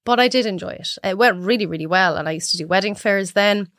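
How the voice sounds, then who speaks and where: A woman in her thirties with an Irish accent, chatting as a podcast guest and acting out her clients in high voices. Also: fast, fairly bright tone, dry recording, studio quality. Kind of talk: casual chat.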